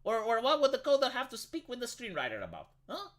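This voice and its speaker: Here a live streamer rants fast in a medium-pitched voice with huge swings in pitch. It's a blunt, profane, rambling bit of casual chat in which they interrupt themselves and say words over again.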